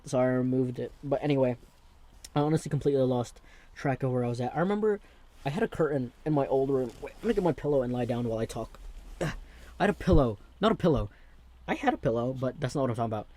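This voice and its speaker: A man's voice: medium pitch, a little mellow, dry recording. Rambling young New man. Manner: rambling, self-interrupting, jokey. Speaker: host. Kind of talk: rambling comedic monologue.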